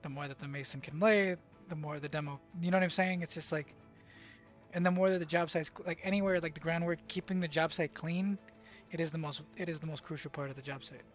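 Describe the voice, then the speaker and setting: A young man tells a story from his job site in a loose, rambling way, full of fillers and false starts. His voice sits a little high for a man. Faint music plays underneath. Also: fairly even intonation, fast talker, highs cut off. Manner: rambling, lots of fillers and restarts; bilingual, speaks Spanish at work. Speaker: vlogger. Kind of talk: casual storytelling.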